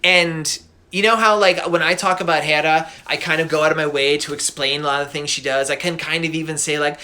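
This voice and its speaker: Animated, bright-voiced male storyteller. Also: a little high, fairly quick. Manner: animated, slangy, laughing asides. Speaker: podcast host, storyteller. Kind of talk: casual myth storytelling.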